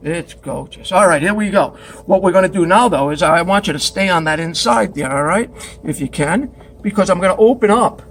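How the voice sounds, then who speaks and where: A man's voice: high-pitched, fairly quick, fairly bright tone, slight background noise. A man teaching pottery at the wheel in a studio, chatty and joking as he demonstrates step by step.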